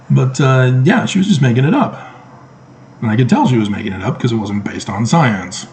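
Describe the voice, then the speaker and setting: A man's voice: medium pitch, animated, a little fast, darkish tone, a little hiss or hum, poor audio. A middle-aged man talking to camera in a casual monologue, emphatic and sarcastic, throwing out rhetorical questions. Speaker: vlogger.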